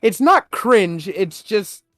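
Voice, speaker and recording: A young man co-hosting a podcast, excitedly retelling a movie trailer in casual, swear-laden chat. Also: high voice, slow, no echo, clean studio sound, soft background music. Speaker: podcast co-host.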